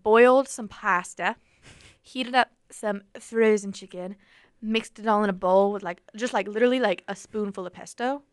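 A woman's voice: mid-range voice, normal speed, no room sound, studio quality. Laid-back young woman podcast co-host. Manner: easygoing, filler-heavy storytelling. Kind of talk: casual chat.

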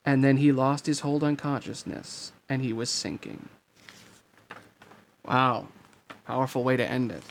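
A man reading a novel aloud in a steady, earnest narration. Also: mid-range voice, a little slow, creaky, pauses often, slight background noise. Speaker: reader of a fan story.

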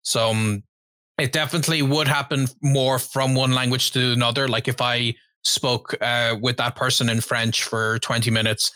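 Man, bright forceful voice, dry close sound, measured, explanatory chat. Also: mid-range voice, steady tone, dry recording. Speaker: co-host, language learner. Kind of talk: casual video chat.

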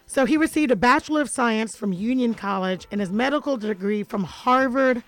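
A woman hosts a radio talk show with a playful, joking manner and laughs often. Her voice sits a little high and sounds dry and close in the studio. Faint music plays underneath. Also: normal speed, no echo, low-quality recording. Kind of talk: casual radio chat.

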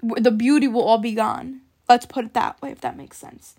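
Young female podcast host, higher-pitched, insistent and opinionated, stresses points by repeating them. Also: moderate pace, a little mellow.

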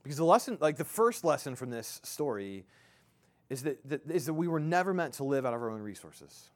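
A man's voice: mid-range voice, sing-song, brisk. A pastor in his thirties delivers a sermon in a loose, conversational way. He stumbles and restarts often, leaning on fillers as he works through his thoughts aloud. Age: 30s.

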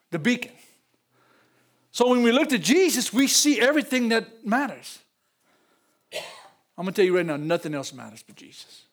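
An older man preaching in a church, emotional, repeating phrases and rising to loud peaks. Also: very high-pitched. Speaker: pastor. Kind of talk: sermon.

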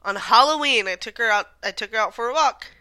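A woman's voice: a little high, fast talker, pushed and bright. A woman co-hosting a casual chat, telling stories with lots of fillers. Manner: chatty storytelling, frequent fillers and laughs.

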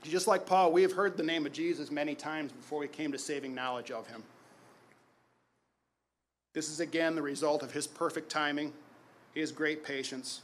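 A man in his forties preaching a sermon as pastor, emphatic, swelling loud and then dropping quiet on key phrases. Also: fairly high pitch, fairly even intonation, moderate pace, pauses often, slight background noise.

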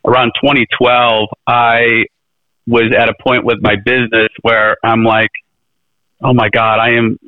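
A man's voice: medium pitch, little pitch movement, unhurried, dry recording. A middle-aged man, a guest in an interview, telling his story in an earnest, rambling way full of restarts and fillers. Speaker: interview guest, presidential candidate. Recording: tinny phone-like line, dry.

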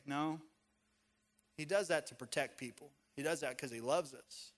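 Male pastor, sermon delivery, chatty storyteller, slightly high voice. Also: moderate pace, sharp tone. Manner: conversational, storytelling with casual fillers.

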